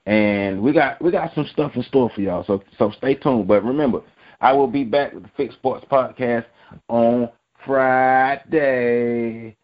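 A man's voice: mid-range voice, normal speed. A man hosting a sports podcast and delivering a heated, profane rant, repeating himself for emphasis. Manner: angry, profane, repetitive. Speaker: podcast host. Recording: dull lo-fi audio.

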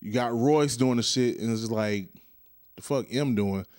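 A man's voice: mid-range voice, normal speed, darkish tone, dry recording, studio quality. A young man hosting his own podcast in a loose, rambling way, joking with himself and his listeners. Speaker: podcast host. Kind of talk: casual solo podcast monologue.

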